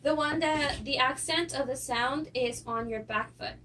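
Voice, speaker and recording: A young woman with a high, light voice walks students through footwork and counts the steps aloud. She sounds set back from the microphone, and steady noise runs under her voice. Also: unhurried. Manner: counts steps aloud, with little laughs and fillers. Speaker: dance teacher. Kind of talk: instructional lesson. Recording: distant mic with clear noise.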